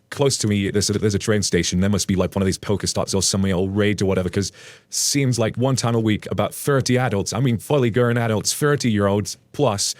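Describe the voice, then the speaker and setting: A man's voice: lowish voice, a little mellow, no room sound. A man casually narrating online stories, chatting directly to his listeners. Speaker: story narrator.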